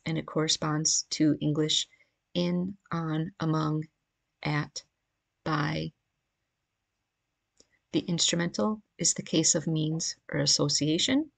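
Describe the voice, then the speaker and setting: Woman lecturer, low gravelly voice, patient and explanatory, home-recorded lesson. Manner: patient, explanatory, reading from a grammar. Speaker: Greek grammar teacher. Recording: questionable home audio.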